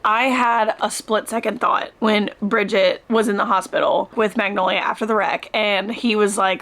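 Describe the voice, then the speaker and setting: A young woman vlogging her reactions as she reads, expressive, swearing and laughing often, filming herself at home. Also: mid-range voice, normal speed, few pauses. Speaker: book vlogger. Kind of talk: casual reading vlog. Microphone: camera close by.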